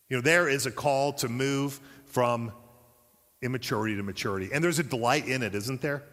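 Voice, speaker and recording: A pastor preaching a sermon, lively, acting out the voices he quotes. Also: mid-range voice, normal speed, in a large hall. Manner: animated, acts out quoted voices.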